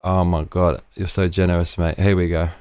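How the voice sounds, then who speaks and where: A man hosting a live stream, talking casually and excitably, often trailing off into mumbles. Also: low-pitched, moderate pace, smooth. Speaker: livestream host.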